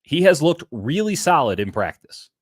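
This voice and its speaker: Animated man talking football. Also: a little high, moderate pace, breathy edge, dry recording, studio quality. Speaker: podcast host. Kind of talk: casual sports chat.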